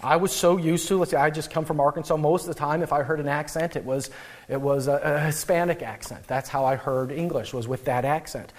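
A young adult man, a pastor, giving a conversational, animated sermon with frequent restarts. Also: a little high, a little fast.

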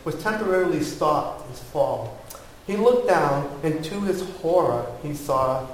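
Casting: a male pastor with a slightly high voice, slow and earnest. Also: a little hiss or hum. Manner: slow, earnest storytelling and prayer. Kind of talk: sermon.

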